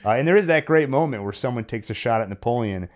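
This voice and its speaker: A man's voice: mid-range voice, expressive, quick pace. A man co-hosting a podcast, talking through a film in a reflective, casual way, often restarting his sentences. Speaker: podcast co-host.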